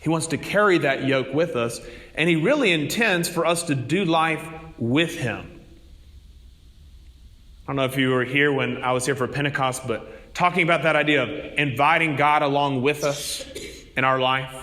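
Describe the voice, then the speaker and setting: A man's voice: fairly high pitch, moderate pace, bright, forceful tone, in a large hall. A man preaching a sermon, telling stories in an earnest manner. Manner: storytelling, earnest.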